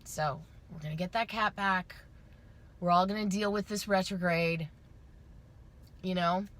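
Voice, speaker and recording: A woman's voice: lowish voice, fairly even intonation, a little slow, a bit bright. A woman hosting an intuitive astrology live stream from inside her car, gushing and emotional, near tears at times, then leading a guided meditation.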